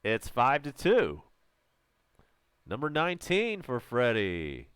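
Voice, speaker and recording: Man, Southern American accent, fan baseball play-by-play, strained voice, smooth tone, unhurried. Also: medium pitch, no room sound. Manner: casual, chatty calls with excited home run shouts. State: voice strained, close to giving out. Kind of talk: live baseball play-by-play commentary.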